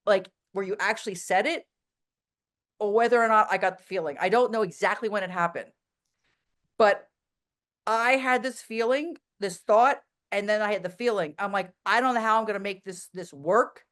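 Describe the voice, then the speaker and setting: Blunt, animated woman telling stories. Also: medium pitch, moderate pace. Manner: blunt, animated storyteller with many "like" fillers. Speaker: interview guest. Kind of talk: casual interview chat.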